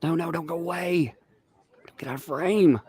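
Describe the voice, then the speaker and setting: A man's voice: fairly high pitch, moderate pace, breathy edge. A man hosting a live stream, joking and commentating casually while reading viewer messages aloud. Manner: joking, animated, reads chat aloud. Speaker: livestream host.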